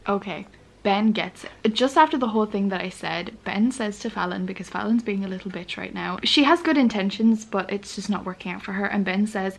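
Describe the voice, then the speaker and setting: A woman's voice: medium pitch, animated, normal speed, gravelly. A young woman in a casual home vlog, talking emotionally and gushingly about a book and swearing freely. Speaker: book vlogger.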